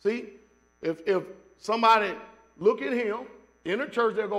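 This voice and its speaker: A man preaching a sermon, telling stories with sudden loud bursts and then dropping to joking asides with the congregation. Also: high voice, moderate pace, lo-fi sound. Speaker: pastor. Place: church sanctuary.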